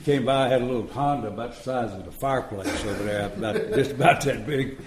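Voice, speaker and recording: An older man in his seventies tells his story to a gathered crowd, folksy and chuckling as he acts out each exchange in a middle-pitched voice. The live recording has a roomy echo with a faint hiss underneath. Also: quick pace. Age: 70s. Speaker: recovery meeting speaker. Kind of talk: storytelling talk to an audience. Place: retreat meeting room.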